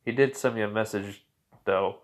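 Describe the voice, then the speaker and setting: A man's voice: on the low side, steady tone, moderate pace, lightly acted. A man doing a grumpy, tired male teacher.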